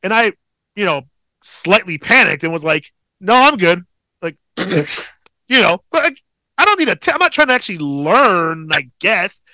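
A young man co-hosting a podcast, telling a long story in a profane, rambling, animated way. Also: sits high, normal speed, no echo. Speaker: podcast co-host. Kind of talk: casual storytelling chat.

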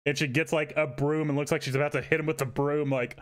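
Animated man telling a story. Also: fairly high pitch, fast talker. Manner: animated, swearing, acts out quotes in raised voices. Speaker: podcast co-host. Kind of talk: casual storytelling chat.

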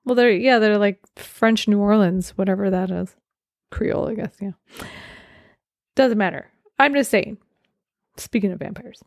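A woman's voice: medium pitch, moderate pace, gravelly, a little mellow, dry recording, studio quality. A woman in her forties co-hosting a casual movie podcast, chatty and recapping scenes. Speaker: podcast co-host. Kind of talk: casual chat about movies.

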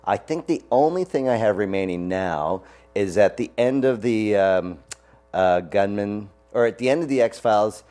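A man with a fairly low voice, sharing stories as a guest in a relaxed interview. He talks freely and laughs often. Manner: chatty and anecdotal, laughs easily. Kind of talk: casual interview chat.

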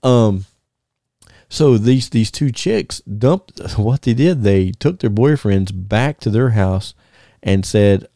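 A man's voice: fairly low pitch, slow, vocal fry, no echo, studio quality. A man, a former wrestler telling stories on a casual podcast, laughing often and restarting his sentences. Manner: animated, laughing storyteller with many restarts. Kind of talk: casual storytelling chat.

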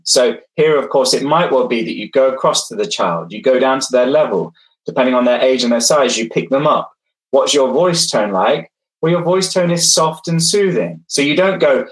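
A man's voice: mid-range voice, low-quality recording. A man lecturing online, engaging his audience directly and reading out their replies from the chat.

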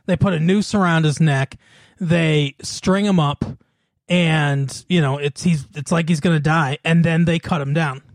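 A man's voice: a little high, fairly even intonation, measured pace, no echo, clean studio sound. A man co-hosting a podcast in casual chat, laughing often and rattling off lists. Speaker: podcast co-host.

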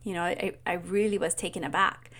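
A middle-aged woman mentor speaking in an earnest, soft-spoken personal monologue, often dropping to a whisper. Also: on the low side, fairly even intonation, a little fast. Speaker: mentor and coach.

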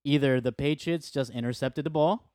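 A man in a casual sports chat, telling his story in a relaxed, conversational way. His voice sits at an ordinary pitch and is recorded dry and close. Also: moderate pace, dry recording. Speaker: podcast co-host.

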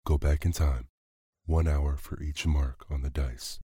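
A man with a very deep, husky voice voicing Walter, a tired, doubtful older brother in a storybook reading. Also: steady tone, measured pace, mellow, dry recording, clean studio sound, heavily acted. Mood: alarmed. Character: weary older boy, Walter, gloomy big brother.

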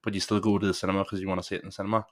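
A man's voice: deep voice, little pitch movement, rapid-fire. A Northern Irish man co-hosting a casual podcast chat, telling rambling anecdotes and swearing freely. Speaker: podcast co-host.

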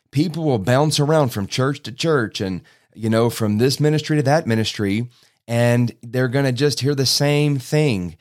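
A man in his forties delivering a sermon in an urgent, exhorting voice. He pushes his points hard and picks up speed as his excitement builds. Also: mid-range voice. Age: 40s. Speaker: preacher.

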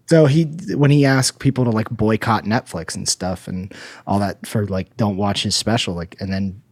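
A man in casual conversation, talking hesitantly, often pausing and restarting his sentences. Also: lowish voice, husky, no echo. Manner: hesitant, many fillers and restarts. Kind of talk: casual chat.

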